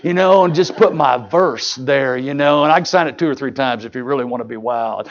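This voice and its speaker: A man evangelist preaching to a congregation, telling a story in a folksy, animated way and joking with the crowd. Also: mid-range voice, a little fast, hardly any pauses. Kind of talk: sermon storytelling. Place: church service before a congregation.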